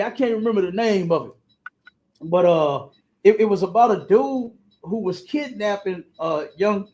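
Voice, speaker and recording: High-voiced man telling an animated story. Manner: repeats words, laughs often, acts out quotes in a high voice. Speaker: podcast host.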